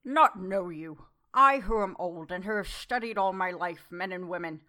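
A woman voicing an old male foreign professor in an audiobook, earnest and effusive, speaking in slow, broken formal English. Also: on the low side, bright, forceful tone. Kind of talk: audiobook character reading.

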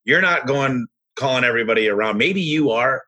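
A man hosting a podcast and telling business stories in an energetic, frank, rambling way. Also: mid-range voice, fairly quick. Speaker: podcast host and business owner. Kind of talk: casual conversational storytelling.

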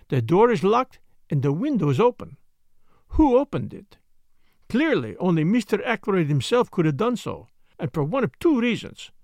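A man's voice: high voice, vocal fry, no echo, studio quality, pitched above the performer's own voice, heavily acted. A man voicing a fussy, methodical little male detective in an audiobook reading. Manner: precise, methodical, faintly amused. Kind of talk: audiobook character voice.

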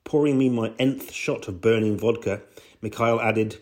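A man's voice: on the low side, fairly even intonation, normal speed, a little mellow. A man reading his own first-person travel essay aloud in a dry, understated way. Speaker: essay reader.

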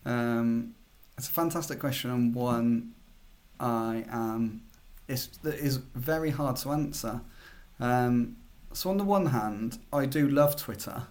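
Male journalist, podcast co-host. Mid-pitched voice, chatty, hesitant, restarts a lot. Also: a little mellow. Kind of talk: casual podcast chat.

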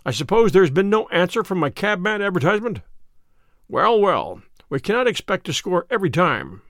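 A sharp, self-assured detective talks in a brisk, dry way, as a man reads him in an audiobook. The voice sits a little high and moves a lot in pitch. The sound is close and dry. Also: big pitch swings, no echo, heavily acted. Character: sharp, wry male detective, brisk and confident. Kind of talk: audiobook character reading.

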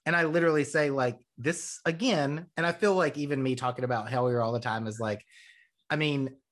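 Male podcast host, rambles excitedly and swears freely, mid-range voice. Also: medium pitch, brisk. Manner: rambling, profane, excitable storytelling. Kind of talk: casual chat.

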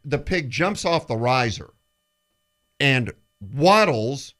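Animated man telling a story on radio. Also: mid-range voice, slow pace. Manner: animated storyteller, acts out quoted people. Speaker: sports radio co-host. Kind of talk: casual radio banter and storytelling.

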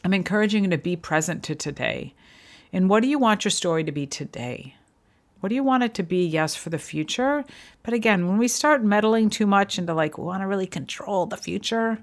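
A woman's voice: medium pitch, animated, fairly quick. A middle-aged woman hosting a solo podcast, speaking earnestly and encouragingly to her listeners. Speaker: podcast host. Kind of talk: reflective solo podcast talk.

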